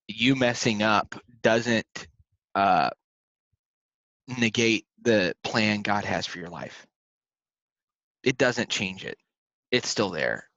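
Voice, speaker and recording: A man's voice: medium pitch, bright, forceful tone, dry recording. Earnest young man, dry dull sound. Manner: earnest, rambling with many restarts. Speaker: podcast co-host. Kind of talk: casual faith talk.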